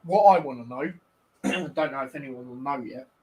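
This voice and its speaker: This football watchalong host is a man with a husky, darkish, medium-pitched voice at normal speed. He keeps up casual live-stream banter, rambling and dropping in fillers, while calling the action on the pitch.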